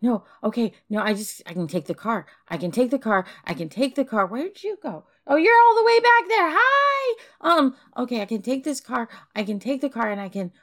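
Woman doing a rambling catnip-high cat. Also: animated, fairly quick, hardly any pauses, natural voice. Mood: flustered. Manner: rambling, repeats herself, swings from giddy to panicked. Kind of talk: comedic improvised monologue.

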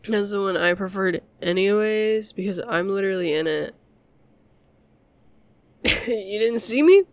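A woman's voice: medium pitch, no echo. A young woman in a casual girlfriend role-play, rambling to her partner with frequent laughs and swearing.

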